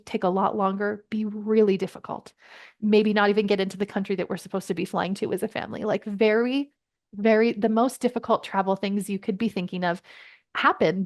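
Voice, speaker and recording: A woman in her thirties tells a personal story as a podcast guest. She is earnest and reflective, her pitch sitting in an ordinary middle range, with a natural, sincere delivery. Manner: earnest, reflective, quick asides. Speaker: podcast guest, parenting coach. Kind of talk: conversational storytelling.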